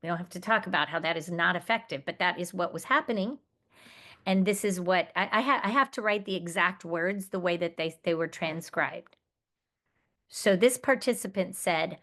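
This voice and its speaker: A woman's voice: on the low side, moderate pace, fairly bright tone. Woman presenting at a teacher conference. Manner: earnest, explanatory, with restarts and quoted student words.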